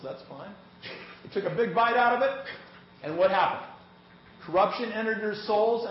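High-voiced pastor guy preaching, kinda dull echoey church recording. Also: slight background noise. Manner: animated preaching, reads scripture aloud with rising intensity. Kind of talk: sermon.

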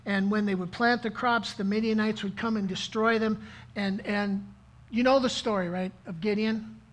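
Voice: mid-range voice, steady tone, moderate pace. Interactive preacher quizzing the congregation. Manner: interactive, asks the audience questions, repeats key phrases. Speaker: pastor. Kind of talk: sermon to a live congregation.

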